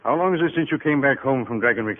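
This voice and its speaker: Cast: a man voicing a blunt country father, mid-pitched, tinny old radio. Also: expressive, fast talker, lightly acted. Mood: stern. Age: middle-aged. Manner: blunt, plainspoken. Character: stern rustic farm father, a man. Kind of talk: 1940s radio acting.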